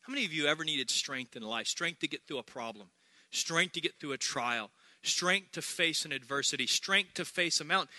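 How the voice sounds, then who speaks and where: A male pastor delivers a lively, joking sermon. His voice sits high and rings very bright and sharp, recorded close and dry. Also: normal speed, no echo. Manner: energetic, humorous preaching with repeated phrases.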